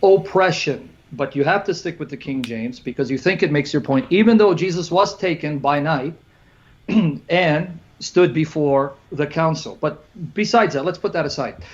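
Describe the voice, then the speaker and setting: A man giving a combative debate rebuttal, rapid-fire and sarcastic. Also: a little high, muffled recording.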